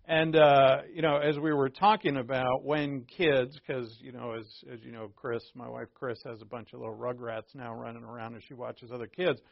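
A man teaching through a Bible passage in a relaxed, conversational way, explaining terms plainly and often restarting his sentences. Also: mid-range voice, moderate pace, vocal fry, hardly any pauses, dry recording, muffled recording. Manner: conversational and digressive, with frequent restarts.

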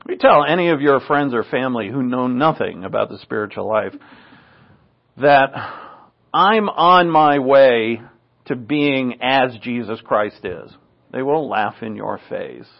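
A man's voice: mid-range voice, moderate pace, vocal fry. A man preaching a sermon in an earnest, conversational way, often saying "you know". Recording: dull, lo-fi recording.

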